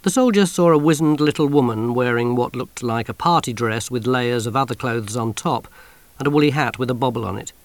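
Expressive male audiobook narrator, dry sound. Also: medium pitch, fairly quick, dry recording. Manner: expressive, wry, storytelling.

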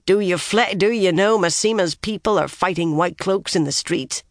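A reader voicing a gruff, grim one-eyed male soldier who growls, talks bluntly and keeps biting back his curses. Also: mid-range voice, normal speed, no room sound, clean studio sound, natural voice. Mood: incredulous.

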